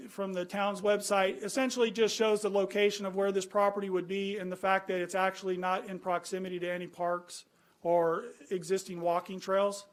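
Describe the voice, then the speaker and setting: A man from California addresses a planning commission. His voice sits high for a man, and he argues earnestly, pressing rhetorical questions and often restarting his sentences as he walks through his slides. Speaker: citizen speaking at a planning commission. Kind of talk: public comment with slides.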